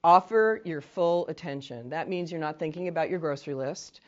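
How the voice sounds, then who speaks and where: A woman's voice: low voice, brisk, highs cut off. A woman trainer leading a workshop in a conversational way, often checking in with "right?" and acting out sample phrases. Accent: New England. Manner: acts out short sample phrases to victims. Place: training room.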